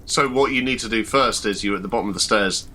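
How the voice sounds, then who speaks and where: A man's voice: lowish voice, sharp tone, a little hiss or hum. Man narrating a horror tabletop game. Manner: descriptive, halting with fillers. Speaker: game master.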